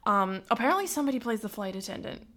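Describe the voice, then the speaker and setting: A woman's voice: fairly high pitch, expressive, very fast, a bit bright. Woman, podcast co-host, casual chat, inquisitive, conversational. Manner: chatty, asks questions, reacts briefly.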